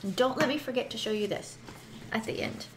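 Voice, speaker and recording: A woman with a somewhat high voice, speaking a little fast, casually leads a Bible study. She reads scripture aloud, giggles often, and pauses to muse on the passages. The room is echoey, with faint background noise.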